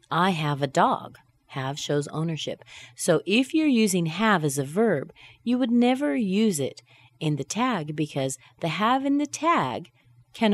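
Female teacher, low voice with lively pitch, slow careful drilling of phrases. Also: dry recording. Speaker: pronunciation teacher. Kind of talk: English pronunciation lesson.

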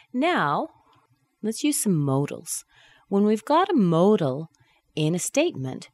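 Slow, deliberate woman teaching pronunciation. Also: low voice, darkish tone, dry recording. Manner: slow, deliberate drilling of repeated phrases. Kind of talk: English pronunciation lesson.

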